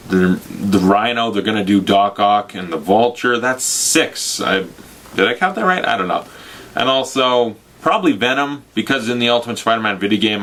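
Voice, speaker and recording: A man's voice: lowish voice, fairly bright tone. A young man giving a casual, sarcastic movie review, ranting, swearing and acting out mock dialogue. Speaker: film reviewer. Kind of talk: casual spoiler review rant.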